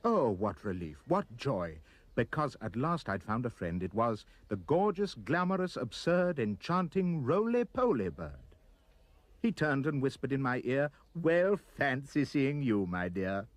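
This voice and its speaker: A man reading a rhyming children's story aloud in an expressive voice. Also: mid-range voice, a little slow, no room sound.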